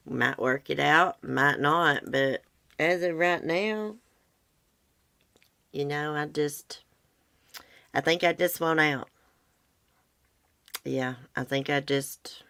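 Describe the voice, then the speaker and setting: A middle-aged woman hosting a casual livestream, with a notably low voice. She rambles along in a confiding way and talks straight to her chat. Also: fairly bright tone, clean tone. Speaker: livestream host.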